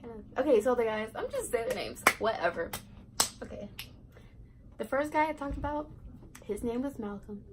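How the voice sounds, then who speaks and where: A woman's voice: a little high, sing-song, normal speed, long pauses, heavy background noise. A teenage girl vlogger telling a casual storytime, rambling and giggly, full of "like" and "right". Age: teens.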